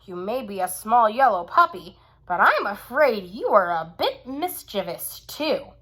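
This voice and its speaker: A woman's voice: mid-range voice, big pitch swings, a little slow, exaggerated voice. A woman voicing a kind little girl talking to her puppy in a storybook read-aloud. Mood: gentle. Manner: sweet, coaxing, a bit brighter.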